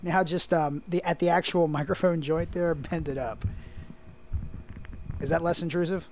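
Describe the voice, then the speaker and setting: A man's voice: fairly high pitch, steady tone, normal speed, darkish tone, a little hiss or hum. A man hosting a casual podcast, joking around and laughing often. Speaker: podcast host.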